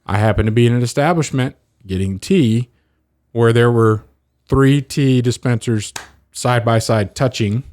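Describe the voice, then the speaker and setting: A man, co-hosting a podcast in casual chat and telling animated stories. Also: medium pitch, a little slow, no room sound. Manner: animated storyteller, laughs a lot. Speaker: podcast co-host.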